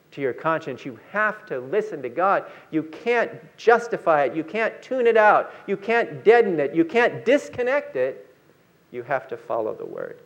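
A man preaching a sermon, telling a Bible story with slow, emphatic lines. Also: fairly high pitch, lo-fi sound. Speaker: pastor.

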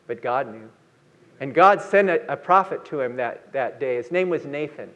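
A man preaching a sermon, telling a Bible story with slow, emphatic lines. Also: mid-range voice, lively intonation, fairly bright tone. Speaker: pastor.

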